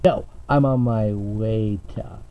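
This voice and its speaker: A man voicing a stern male masked ranger who speaks low, quiet and terse. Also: slow, a little hiss or hum. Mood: grim. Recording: slightly muffled home recording.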